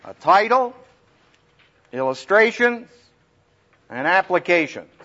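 A man giving a humorous, lively talk to students on how to preach, acting out the voices he quotes. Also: sits high, slow pace. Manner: animated, humorous, acts out quoted voices loudly. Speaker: preacher teaching speaking skills. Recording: dull lo-fi recording.

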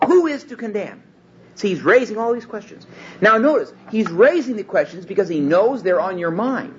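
Speaking at a moderate pace, a Bible teacher with a high, expressive voice gives an expository lecture. His delivery is emphatic, though he frequently halts and begins his sentences again. The sound is dull and lo-fi, with a faint hum in the background.

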